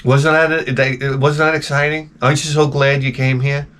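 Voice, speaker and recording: A man's voice: fairly high pitch, flat delivery, normal speed, a bit bright. A man telling rambling, profane stories as a channel host and acting out his own reactions. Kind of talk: rambling casual monologue.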